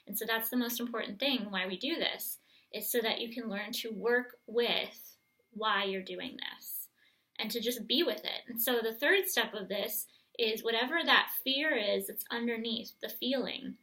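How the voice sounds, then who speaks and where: A woman coaching viewers through a guided self-help exercise, speaking gently and straight to the viewer. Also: on the high side, moderate pace, low-quality recording.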